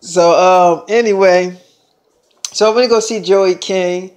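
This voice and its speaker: Man, high pitched, casual slangy storyteller who rambles and swears. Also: steady tone, unhurried, a little mellow. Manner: slangy and profane, rambling with fillers. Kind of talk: casual first-person storytelling.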